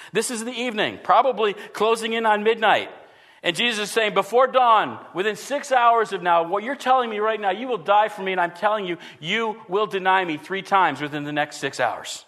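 A man preaching a sermon to his congregation, earnest, often dropping his voice low when he voices what people think. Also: a bit bright. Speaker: pastor.

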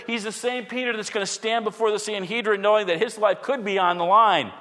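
A man with a high-pitched voice preaches a sermon to his congregation. He swings between ringing, emphatic declarations and hushed, dropped phrases. His voice carries a long hall reverb, as if heard in a church sanctuary. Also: steady tone, a little fast, hardly any pauses. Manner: dynamic preaching, swinging from loud emphatic lines to hushed low ones. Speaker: pastor.

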